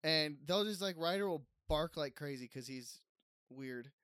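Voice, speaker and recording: Clear-voiced young guy telling stories. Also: fairly high pitch, a little slow, no room sound, clean studio sound. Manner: animated, defensive storyteller. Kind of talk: casual chat among friends.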